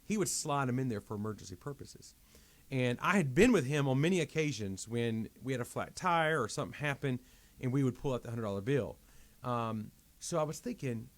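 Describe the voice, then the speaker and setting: In a podcast studio, a pastor appearing as a guest tells a personal story with a medium-pitched voice. His delivery is animated and emphatic, often repeating and restarting phrases.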